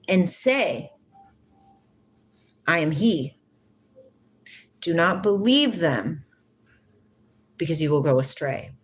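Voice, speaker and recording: Rambling woman reading live chat. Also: on the low side. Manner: rambling, reads viewer comments aloud. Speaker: livestream host. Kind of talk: casual spiritual livestream chat.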